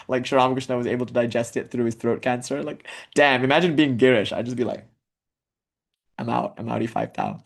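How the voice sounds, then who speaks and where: A young man with a mid-range voice gives a relaxed spiritual lecture, talking casually with plenty of "like" and tangents. Sometimes he chants verses in Sanskrit.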